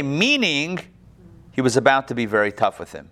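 A man's voice: medium pitch, sing-song, normal speed, a bit bright. A man teaching an online Torah class over a video call, retelling the text in casual modern speech.

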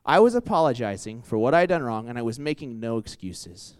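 Smooth-voiced young man preaching casually. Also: mid-range voice, lively intonation, brisk. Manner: conversational, lots of "like" and restarts, acts out quotes. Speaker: campus ministry preacher. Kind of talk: casual sermon with anecdotes.

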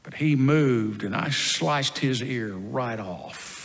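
A man's voice: mid-range voice, takes it slowly. Peter as a man plays an impulsive apostle in a reverberant hall. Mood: hushed, grave. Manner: dramatic storytelling, swings between loud and hushed. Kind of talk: first-person dramatic monologue.

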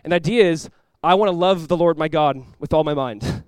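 A young man preaching a casual, energetic sermon, reading scripture aloud and chatting with plenty of filler words. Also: fairly high pitch, brisk, smooth, no echo. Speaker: pastor.

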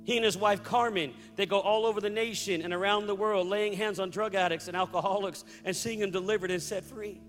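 A man preaching a fervent sermon as pastor, building to loud declarations. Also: high-pitched, fairly even intonation, a little fast, hardly any pauses, in a large hall, faint music behind. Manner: fervent preaching, rising to shouts.

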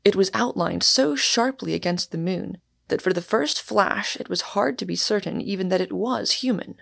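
Woman narrator, audiobook reader, mid pitch with gravelly fry, measured delivery. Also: a bit bright. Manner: measured, storytelling. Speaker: podcast host and reader.

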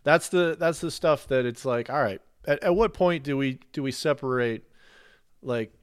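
A man's voice: medium pitch, normal speed, clean tone, dry recording, studio quality. Earnest man talking about faith. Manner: earnest, repeats words and restarts often. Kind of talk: casual faith conversation.

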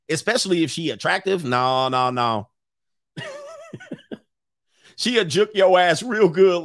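A man's voice: high voice, fairly bright tone, no room sound, studio quality. A man hosting, on a loose, profane comic rant, breaking into put-on voices.

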